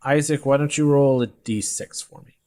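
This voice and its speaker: Role: game master. Sex: man. Style: tabletop narration. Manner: brisk and descriptive. Pitch: mid. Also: darkish tone.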